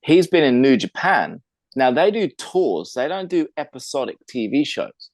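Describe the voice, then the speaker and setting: With a very animated mid-range voice at normal speed, an English podcast co-host goes on at length in relaxed conversation. He uses lots of fillers and keeps restarting his sentences. No room sound comes through.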